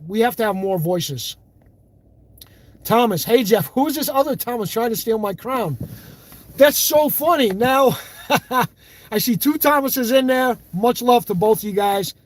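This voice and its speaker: A man hosting a livestream, reading viewer comments in blunt, profane, fiery casual talk. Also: sits high. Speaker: livestream host.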